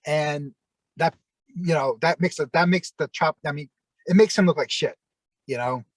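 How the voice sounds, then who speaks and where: A man's voice: on the high side, moderate pace, no echo, low-quality recording. Man telling rambling wrestling stories. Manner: rambling anecdotes full of fillers and acted quotes. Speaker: interview guest, former wrestler. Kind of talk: casual storytelling.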